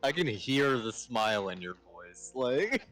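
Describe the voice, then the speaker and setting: A man's voice: medium pitch, big pitch swings, unhurried, fairly bright tone, soft background music. A man chatting casually with a friend over voice chat, asking questions and laughing often.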